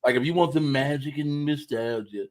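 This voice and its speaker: A man hosting a casual livestream talk show, an animated storyteller who acts out quoted dialogue. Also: a little high, moderate pace. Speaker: host.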